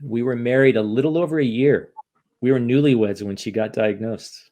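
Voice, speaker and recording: A man's voice: medium pitch, moderate pace, dark tone. A man from the United States, a podcast guest, speaking candidly and rambling with many restarts in an emotional interview.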